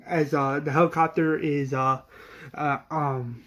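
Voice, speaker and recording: Slow, rambling male storyteller. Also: a little high, little pitch movement, a bit bright. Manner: rambling, many fillers and restarts. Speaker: fan series creator retelling an episode. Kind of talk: casual story retelling.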